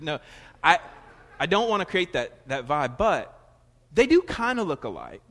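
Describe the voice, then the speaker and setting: This Florida pastor, speaking with a Southern US accent, has a medium-pitched, fairly bright voice that swings widely in pitch at a moderate pace. He wanders conversationally through his sermon, often stopping to correct himself, while a big hall's long reverb surrounds him.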